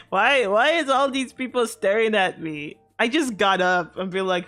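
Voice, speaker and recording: Slow, rambling woman streamer. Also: mid-range voice, lively intonation, fairly bright tone. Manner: rambling, loose, with many fillers, restarts and swearing. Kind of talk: casual storytelling to a live chat. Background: faint background music.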